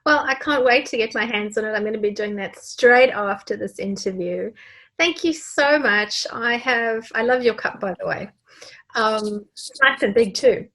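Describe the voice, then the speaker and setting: A woman's voice: fairly high pitch, moderate pace, fairly bright tone. A woman hosting an interview podcast from Sydney, gushing and effusive with thanks to her guest over a video call. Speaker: podcast host.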